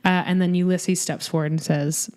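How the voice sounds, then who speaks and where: A woman's voice: on the low side, moderate pace, smooth. A woman co-hosting a podcast, chatting casually about a TV episode, swearing often and joking around. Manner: profane, animated, jokey. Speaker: podcast co-host. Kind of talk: casual chat recap.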